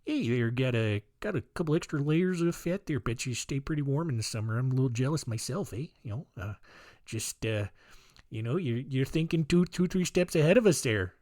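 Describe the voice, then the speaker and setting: A man's voice: mid-range voice, animated, brisk, darkish tone, no echo, clean studio sound, close to an everyday voice. A man putting on a folksy, overly polite Canadian man in a mock Canadian accent, chummy and drawn out, tacking on "eh". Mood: mock-friendly.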